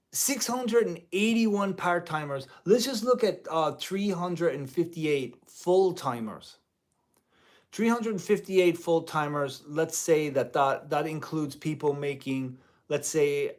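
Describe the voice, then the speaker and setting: Slow-talking indignant guitar teacher. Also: male voice, on the high side. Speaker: guitar channel host, part-time music teacher. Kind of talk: casual to-camera commentary.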